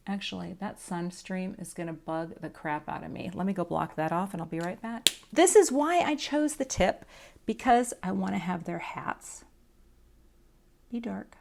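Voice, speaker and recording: Chatty woman with a gravelly voice. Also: lowish voice, normal speed, darkish tone. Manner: chatty, self-deprecating, mutters while working. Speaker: craft teacher. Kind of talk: casual talk-through while coloring.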